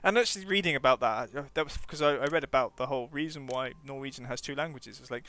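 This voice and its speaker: A man's voice: medium pitch, quick pace, sharp tone. A man, a game streamer who also teaches English, chatting casually and wryly while playing and thinking aloud to his viewers.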